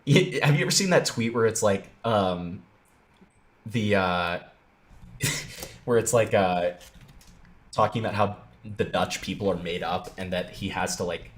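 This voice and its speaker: A man's voice: low-pitched, expressive, a little slow, long pauses. Profane sarcastic young man commenting. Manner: sarcastic, profane, often laughing. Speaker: commentary video host. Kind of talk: casual reaction commentary.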